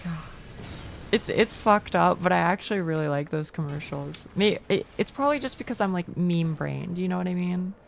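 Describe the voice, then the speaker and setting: A young woman talks to her chat while she plays a game, swearing freely and making fun of her own struggles. Her low voice has a gravelly edge. A faint hiss of noise sits behind her at the desk mic. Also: expressive, moderate pace. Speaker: VTuber streamer. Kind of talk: casual gaming stream chat.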